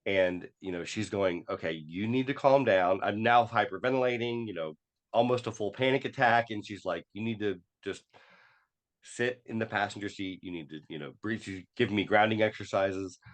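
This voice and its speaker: A man's voice: fairly low pitch, normal speed. A man talking as a podcast guest, telling a personal story with many fillers and restarts and acting out quoted dialogue.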